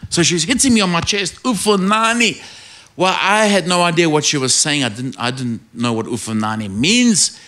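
Animated man preaching a sermon. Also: on the high side, fairly quick. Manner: animated storytelling, rising to shouted praise.

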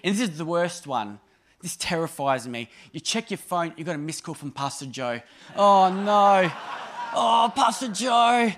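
A man in his thirties delivering a sermon with a high, light voice. His manner is chatty and funny, swinging between emphatic bursts and hushed asides. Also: lively intonation, normal speed, background noise. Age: 30s. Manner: conversational and humorous, with sudden emphatic rises and soft drops. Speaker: preacher.

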